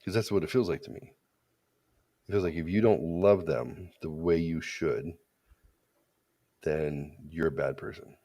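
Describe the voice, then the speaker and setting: A man's voice: rumbling low, a little slow, long pauses, mellow. A man co-hosting a podcast, talking in a casual, opinionated way and telling blunt, crude stories with frequent restarts. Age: adult parent. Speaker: podcast co-host.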